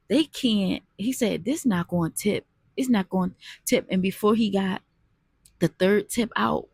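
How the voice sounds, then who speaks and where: A woman's voice: medium pitch, gravelly, a little mellow, breathy edge, no echo, studio quality. A woman telling a personal story in an earnest, conversational way, talking straight to her viewers. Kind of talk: casual storytime monologue.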